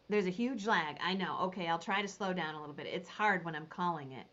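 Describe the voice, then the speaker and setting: A woman running a live online consignment auction, describing each item and then calling bids in rapid repeated phrases. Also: fairly low pitch, animated, a bit bright, muffled recording. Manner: rapid repetitive bid calling.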